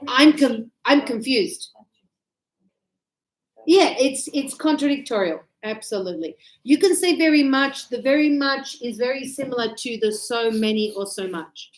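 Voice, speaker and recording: A woman teaching English grammar to learners, animated and acting out short dialogues as examples. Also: a little high, measured pace. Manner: animated, acts out little dialogues to illustrate usage. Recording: echoey room.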